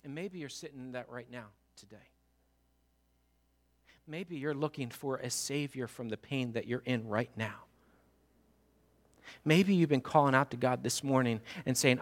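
A male pastor preaching a sermon in a church, dramatic, swinging from hushed talk to shouting. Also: medium pitch, a little slow, long pauses.

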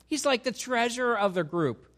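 A man's voice: very high-pitched, expressive, normal speed, a bit bright. A male pastor preaching a sermon and asking his congregation rhetorical questions.

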